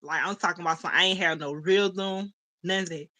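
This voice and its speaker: Young woman on a phone livestream, aave, laughy and chatty w her chat, crisp bright tone. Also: on the low side, fairly even intonation, fairly quick. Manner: chatty, laughs often, talks to chat as y'all. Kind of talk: casual livestream chat, reading comments.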